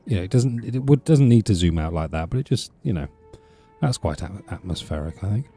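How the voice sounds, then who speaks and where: A man's voice: low voice, lively intonation, brisk, warm tone, breathy edge, soft background music. A man casually chatting through a video game as a let's play host, rambling and cutting himself off with fillers. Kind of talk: casual gameplay commentary.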